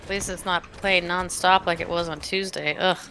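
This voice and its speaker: A woman's voice: lowish voice, steady tone, moderate pace, bright, forceful tone, a little hiss or hum, rough recording. A woman streamer chatting and teasing her group playfully during an online game session. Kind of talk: casual gaming chat.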